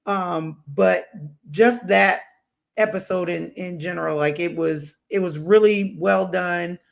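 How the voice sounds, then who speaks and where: A man with a high, gravelly voice chats casually as a podcast co-host. He rambles through his points, pausing on fillers and circling back to restart his thoughts. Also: steady tone. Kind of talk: casual chat.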